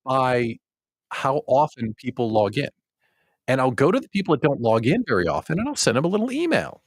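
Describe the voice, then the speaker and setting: A man's voice: medium pitch, very animated, brisk, dry recording. A man hosting a small business show, telling stories in a casual, self-mocking way and acting out his own past thoughts. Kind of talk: casual livestream monologue.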